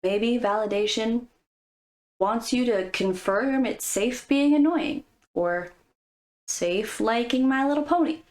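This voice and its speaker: A woman's voice: a little high, takes it slowly, darkish tone. A woman vlogger giving casual, playful commentary with jokes and asides. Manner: playful, jokey, conversational.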